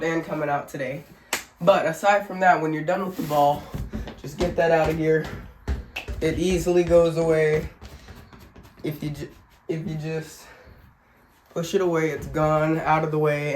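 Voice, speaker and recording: A family vlogger with a deep voice records a casual instructional vlog at home in an echoey room, with slight background noise. Though sick and short of breath, she demonstrates simple workouts, chatting, joking, and laughing at herself.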